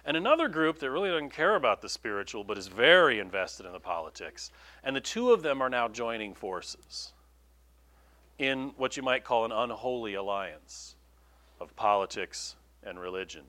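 Animated preacher with a lively voice. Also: male voice, lowish voice, normal speed. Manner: animated, conversational preaching with asides. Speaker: pastor. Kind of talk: sermon.

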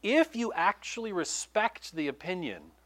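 Guy preaching a sermon, chatty and animated, voice jumps all over. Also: high-pitched, a little slow. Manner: animated, conversational preaching with asides. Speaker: pastor.

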